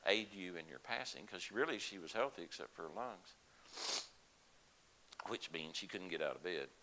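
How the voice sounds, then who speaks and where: Older man, low gravelly voice, bright tone, folksy storytelling at a church service. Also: low-quality recording. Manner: folksy, conversational, with laughs and asides. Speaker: lay speaker at a church service. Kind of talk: personal storytelling to a congregation.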